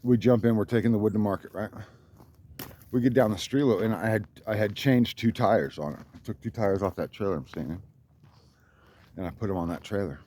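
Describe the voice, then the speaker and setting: A man's voice: fairly low pitch, a little fast, warm tone, slight background noise. A man telling a rambling, profane story about his life, boastful and worked up. His voice jumps up when he quotes other people. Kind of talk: rambling monologue.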